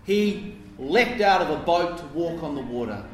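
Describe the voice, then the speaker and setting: A man preaching a sermon, explaining scripture in a reflective, explanatory way with soft dips and hesitations. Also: on the high side, lively intonation, moderate pace. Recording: echoey room with faint ambience.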